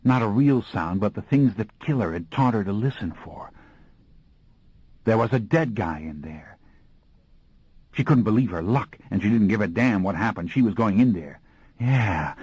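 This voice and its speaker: A man's voice: fairly low pitch, lively intonation, a little slow, pauses often, a little mellow, slightly rough, no room sound, poor audio. A man reading an audiobook in a folksy, slangy storytelling voice. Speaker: audiobook narrator. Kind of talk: scripted audiobook narration.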